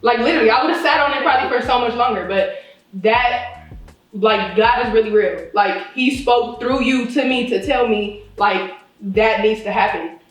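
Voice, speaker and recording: A woman's voice: a little high, normal speed. A woman guest chatting casually while cooking in a kitchen, telling a story with lots of laughter and acting out quotes. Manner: animated storyteller, laughs often, acts out quotes. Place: home kitchen. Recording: echoey kitchen, distant mic, music behind.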